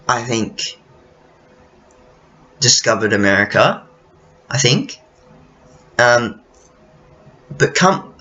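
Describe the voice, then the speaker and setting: Slow, lively-voiced rambling man. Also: medium pitch. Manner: rambling, loses his thread, swears casually. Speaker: vlogger. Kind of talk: rambling casual monologue. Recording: dull lo-fi recording.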